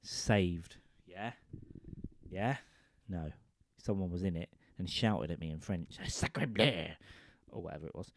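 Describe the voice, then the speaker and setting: Into a studio mic, a man with a low, mellow voice spins a vulgar, rambling comic anecdote, repeatedly asking listeners "right?" He's unhurried, and there's no room sound.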